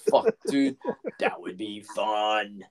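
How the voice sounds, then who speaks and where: A man's voice: on the low side, very animated, takes it slowly. A man co-hosting a podcast, chatting casually about a film, swearing a lot and rambling through restarts. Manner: laid-back, heavy swearing, rambling restarts. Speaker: podcast co-host. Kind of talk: casual movie chat.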